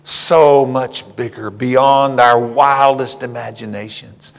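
Older preacher, slow and folksy, in a hall. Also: male voice, mid-range voice, expressive. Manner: folksy, humorous, dramatic swings between whisper and shout. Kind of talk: sermon with closing prayer. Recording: long reverb in a hall.

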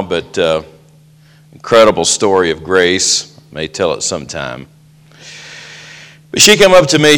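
A male pastor delivering a sermon with homey stories and playful jokes. His voice sits low and rings out smooth and resonant. He teases the congregation in a relaxed, folksy way. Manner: folksy, joking asides.

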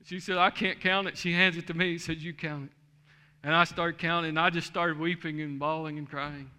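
A man's voice: on the high side, flat delivery, fairly quick, bright, forceful tone, clear, resonant tone. A middle-aged man, a pastor, telling a story in a sermon and building to a fervent preaching cadence, in a church sanctuary.

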